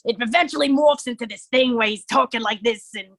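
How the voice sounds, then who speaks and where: A woman's voice: a little high, brisk, fairly bright tone. A young woman, a musician and podcast guest, telling a story in a rambling, casual way full of "like.". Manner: rambling, lots of "like" fillers, laughing. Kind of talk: casual interview chat.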